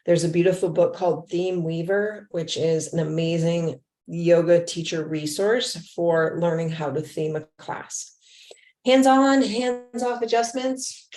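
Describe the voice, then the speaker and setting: A woman's voice: sits low, reverberant. A woman who teaches adaptive yoga, talking casually to other teachers and acting out how she speaks with her students. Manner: warm, acts out her talks with students, drops to a whisper. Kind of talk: casual talk to fellow teachers.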